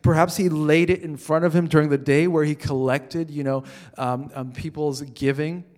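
A man preaching a sermon in a conversational way, often repeating words as he starts a sentence and moving between quiet scripture reading and emphatic peaks. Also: on the high side, steady tone, normal speed. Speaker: pastor.

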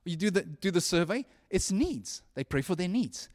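A man delivers a sermon in an earnest, conversational way, his voice sitting high for a man. He drops to hushed lines and then rises to loud ones, often restarting his phrases as he goes. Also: sing-song, moderate pace. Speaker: preacher.

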